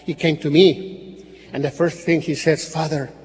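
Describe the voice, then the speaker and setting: A man's voice: on the high side, level tone, moderate pace, darkish tone, husky. A man, a Catholic priest, preaching a sermon in an earnest, repetitive way with slips and restarts. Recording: faint hall reverb with background noise.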